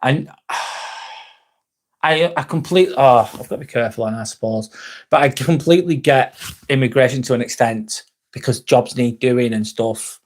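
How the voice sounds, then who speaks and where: A man's voice: mid-range voice, normal speed. A young man, chatting bluntly on a live stream, reading and answering viewer comments and swearing freely. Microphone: phone.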